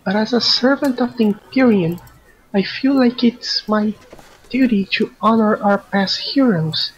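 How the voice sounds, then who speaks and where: A woman plays a tabletop role-playing game, speaking earnestly and with some formality as her character. Her voice is husky and breathy at a middle pitch. The dull, lo-fi mic takes the edge off her sound. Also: unhurried. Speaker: player. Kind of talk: casual tabletop role-play.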